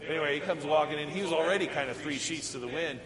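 A man's voice: on the high side, quick pace, crowd noise. A middle-aged male pastor giving a casual, conversational sermon with frequent chuckles and fillers. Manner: casual and conversational, laughs often, many fillers. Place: church sanctuary. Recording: echoey church hall.

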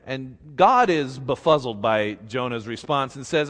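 Animated man preaching in an echoing church. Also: mid-range voice, measured pace, hardly any pauses. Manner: storytelling, animated, folksy. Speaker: pastor. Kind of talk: sermon. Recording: long reverb in a big hall.

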